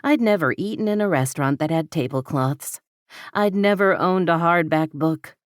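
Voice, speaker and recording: Candid young woman read by a woman narrator, earnest and teasing, low-pitched, dry close voice. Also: animated, normal speed, dry recording. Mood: confiding.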